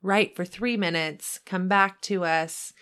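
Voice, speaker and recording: A woman's voice: lowish voice, fairly even intonation, takes it slowly, a bit bright, clear, resonant tone. A woman co-hosting a casual writing podcast, upbeat, laying out steps plainly. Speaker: podcast co-host. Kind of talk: casual chat and reading a short story aloud.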